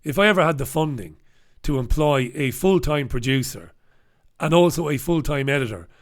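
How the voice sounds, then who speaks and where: A man's voice: fairly high pitch, lively intonation, moderate pace. A man hosting a solo comic newspaper review, rambling and swearing, breaking into snatches of song. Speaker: host.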